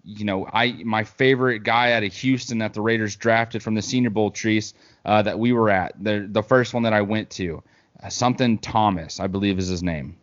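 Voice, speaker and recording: A man's voice: lowish voice, fairly even intonation, moderate pace, dull audio. A man co-hosting a casual sports talk show, rambling through football picks with plenty of fillers. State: hiccups. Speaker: podcast co-host.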